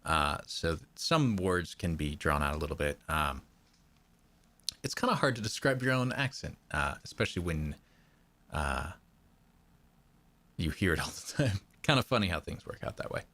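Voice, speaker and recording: Deep-voiced Midwestern man, lively pitch. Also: moderate pace, long pauses. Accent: Midwestern American. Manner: rambling, with frequent fillers and chuckles. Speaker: livestream host. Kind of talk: casual live-stream chat. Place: home project room. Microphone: dynamic or lavalier mic, close.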